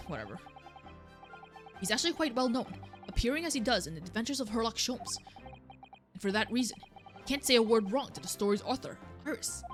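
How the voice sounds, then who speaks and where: A woman's voice: a little high, animated, brisk, long pauses. A young woman streamer giving casual, scatterbrained commentary while playing a game and reading lines aloud. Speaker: let's play streamer. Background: game music.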